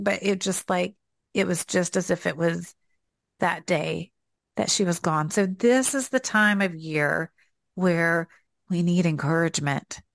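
A middle-aged woman with a Southern drawl chats as co-host of a faith podcast, rambling warmly with plenty of fillers. Her voice sits low with a gravelly edge. The sound is dry and close. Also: a little slow, no room sound. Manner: chatty, rambling, with fillers and laughs. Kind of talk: casual faith podcast chat.

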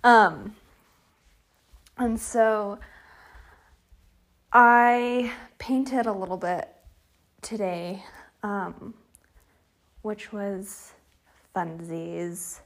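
A young woman hosting a loose solo podcast from her bedroom at night, chatty and rambling with lots of fillers, relaxed and drowsy as she lies down. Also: mid-range voice, drawn-out words, pauses often. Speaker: podcast host. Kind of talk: unstructured solo podcast chat.

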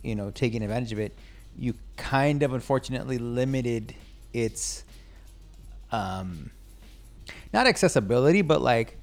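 A man's voice: mid-range voice, animated, moderate pace, creaky, pauses often, faint music behind. A man in casual gaming chat, rambling with many restarts and asking "you know what I mean". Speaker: podcast co-host.

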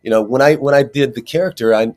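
A man's voice: medium pitch, fast talker, darkish tone. A man, an actor, talking casually in an interview, rambling with many restarts and fillers. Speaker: actor guest.

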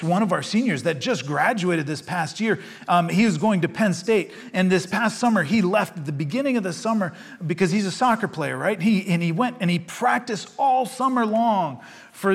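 Male pastor, sermon, higher-pitched voice, earnest, conversational with repeats, echoing hall. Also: animated, moderate pace, gravelly. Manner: earnest, rising to fervent when reading scripture; conversational with fillers and repetitions. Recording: long hall reverb.

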